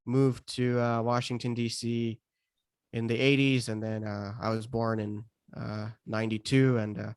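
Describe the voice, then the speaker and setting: A man's voice: mid-range voice, level tone, a little slow, clean tone, dry recording. Thirties American male comic, conversational podcast guest, stops and restarts a lot, dry close sound. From United States. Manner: hesitant, many restarts and fillers. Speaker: stand-up comedian guest.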